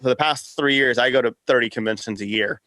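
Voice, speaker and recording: A man in an interview, telling stories in a lively way, acting out quotes and laughing often. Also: medium pitch, fast, dry recording. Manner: animated storyteller, acts out quotes, laughs often. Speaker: podcast network founder, guest. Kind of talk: casual interview chat.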